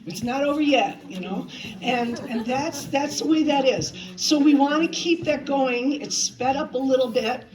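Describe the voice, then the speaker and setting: Woman, choir director, slightly high voice, chatty, sings examples, choir chatter behind. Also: moderate pace, rough recording. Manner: chatty, demonstrates phrases by singing and counting. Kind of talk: rehearsal instruction. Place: rehearsal hall with choir present.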